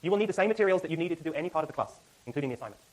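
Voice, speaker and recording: A middle-aged man, a university lecturer, giving class announcements in a lecture hall, talking rapidly with many fillers and self-corrections. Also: fairly high pitch, animated.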